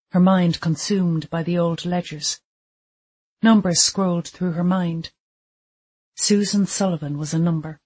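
A narrator reading a thriller audiobook in a steady, measured storytelling manner. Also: mid-range voice, breathy edge.

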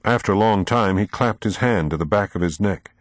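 A man narrating an audiobook in a dramatic, measured storytelling manner, close to the mic. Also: on the low side, no echo.

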